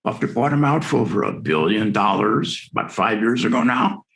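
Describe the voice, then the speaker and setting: A man's voice: on the low side, sing-song, moderate pace, vocal fry, fairly bright tone. A man in his sixties giving an enthusiastic, story-filled lecture to dentists at a virtual conference. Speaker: dental lecturer. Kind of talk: conference presentation. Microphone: video call.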